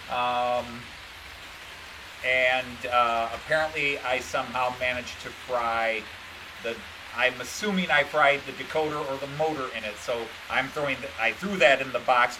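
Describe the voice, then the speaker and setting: A man's voice: mid-range voice, pushed and bright, a little hiss or hum, poor audio. A man chatting casually on a live stream about his model trains, rambling and dejected, blaming himself. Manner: rambling and meandering, dejected and self-critical.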